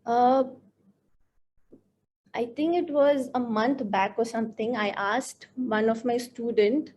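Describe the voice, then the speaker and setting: A woman's voice: fairly high pitch, takes it slowly, darkish tone, slight background noise. A woman counselor, leading a workshop for teachers in an earnest, reflective way and dwelling on key words. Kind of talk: workshop talk to participants.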